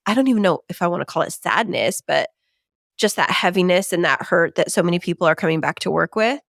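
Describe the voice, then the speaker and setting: A woman's voice: on the low side, no echo, studio quality. A woman co-hosting a podcast, asking questions in a searching, thoughtful way and laughing often. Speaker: co-host. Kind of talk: casual podcast conversation.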